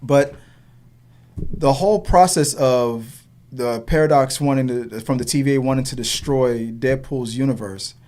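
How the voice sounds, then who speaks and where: A man in casual film chat on a podcast, rambling and excitable with many restarts. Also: medium pitch, unhurried. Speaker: podcast co-host.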